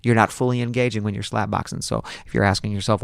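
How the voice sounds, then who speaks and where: Podcast host, male: gravelly, low-pitched voice with a dry, close sound, profane and animated storyteller. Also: quick pace, no echo. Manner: profane, repetitive, animated retelling. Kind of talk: casual storytelling monologue.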